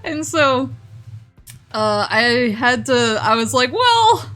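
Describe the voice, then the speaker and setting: Bright slow-talking woman streamer, keeps laughing mid-story, soft music behind. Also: a little high. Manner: laughing storyteller, rambling with many restarts and fillers. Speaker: vtuber streamer. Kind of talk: casual chat stream.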